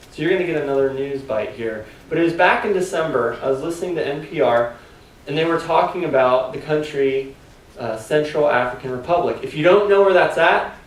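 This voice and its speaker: A man preaching to his congregation in a relaxed, chatty manner, often asking them questions. His voice sits a bit high. He sounds set back from the mic in a reverberant church room. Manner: conversational, filler-heavy preaching with rhetorical questions. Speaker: pastor. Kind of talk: sermon. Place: church sanctuary. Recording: echoey church hall, mic at a distance.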